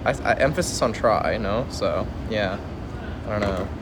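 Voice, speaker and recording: Sprawled on an airport terminal floor, a young streamer chats casually on a phone livestream, rambling in a half-whisper and poking fun at himself. His voice is fairly low and moderately paced, with airport noise in the stream.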